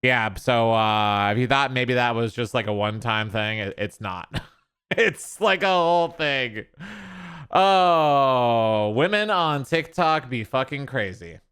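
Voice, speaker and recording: Male streamer host, reaction commentary, sarcastic and crude, unhurried delivery with swooping pitch. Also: lively intonation, a bit bright, smooth.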